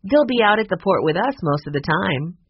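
A narrator voicing a cheerful young woman, a balloonist, in a storybook reading, in a bright, bouncy manner. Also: mid-range voice, big pitch swings, fairly quick, breathy edge, dry recording, highs cut off, pitched above the performer's own voice. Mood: upbeat.

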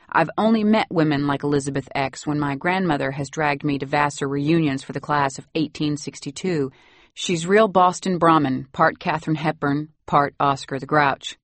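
A woman's voice: low voice, no echo. A woman narrating a first-person story in an audiobook with wry, dry humor.

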